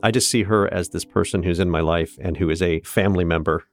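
Low-voiced earnest man from Kansas. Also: steady tone, fast talker, soft background music. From Kansas, USA. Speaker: interview guest. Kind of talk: personal storytelling in conversation.

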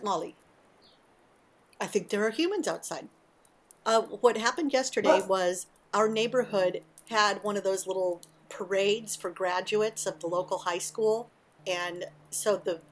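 A woman hosting a casual morning monologue, talking in an animated, emotional way with frequent asides. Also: mid-range voice. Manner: warm, emotional, animated storytelling. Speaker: podcast host.

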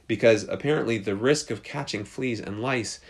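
A man's voice: on the low side, normal speed, vocal fry. A man preaching, telling a story in an earnest way with frequent restarts. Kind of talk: storytelling sermon.

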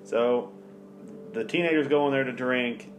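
A man's voice: mid-range voice, a little slow, a little hiss or hum. A man chatting casually and profanely on a podcast, recapping a movie and acting out the characters' lines with laughter. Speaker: podcast co-host. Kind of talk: casual movie review chat.

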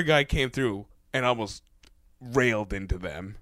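A man's voice: lowish voice, expressive, moderate pace, a bit bright, no room sound. A man telling stories in a casual podcast chat, swearing freely and laughing through his own stories into a close mic. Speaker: podcast guest. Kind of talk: casual storytelling. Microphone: podcast mic held close.

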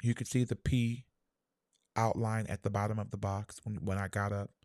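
A young man telling a personal childhood story in a soft, halting, reflective way, full of fillers. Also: on the low side, level tone, no echo, clean studio sound.

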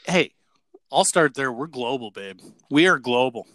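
A man's voice: medium pitch, animated, a little slow, a bit bright, dry recording. A man co-hosting a podcast in casual chat, joking around and saying "like" a lot. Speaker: podcast co-host.

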